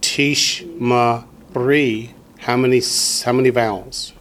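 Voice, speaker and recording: A man teaching a class, speaking patiently and deliberately and quizzing his students with questions. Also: mid-range voice, a bit bright. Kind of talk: classroom lesson.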